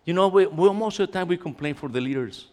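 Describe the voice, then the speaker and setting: A man's voice: high-pitched, fast talker. A man preaching a humorous sermon in a church, mixing in some Spanish and acting out complainers. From Latin America. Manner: animated, jokey, acts out complainers, mixes in Spanish. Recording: reverberant church hall.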